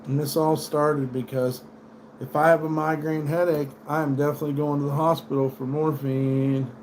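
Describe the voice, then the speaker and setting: A man's voice: a little high, level tone, moderate pace, a little mellow, slight background noise. Profane, rambling American man streaming. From United States. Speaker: livestream host. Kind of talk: rambling livestream rant.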